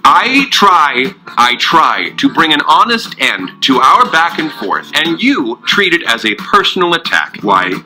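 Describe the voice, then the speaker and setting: A man voicing a stiff, logical character who answers with clipped, precise, deadpan disdain. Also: on the high side, a little slow, faint music behind, heavily acted, poor audio. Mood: dry disdain.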